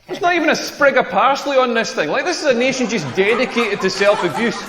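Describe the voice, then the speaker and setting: A Scottish man working a stand-up set with sardonic, crude humour and deadpan punchlines. His voice sits fairly high for a man. The sound rings around a roomy venue with a long reverb tail. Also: fast, a crowd in the background. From Scotland. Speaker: stand-up comedian. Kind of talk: stand-up comedy routine. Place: comedy club stage.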